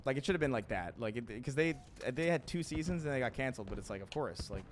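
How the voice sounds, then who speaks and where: A man's voice: mid-range voice, expressive, fast talker, slight background noise. A man hosting a casual gaming stream, rambling, swearing a lot and laughing often. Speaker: streamer host.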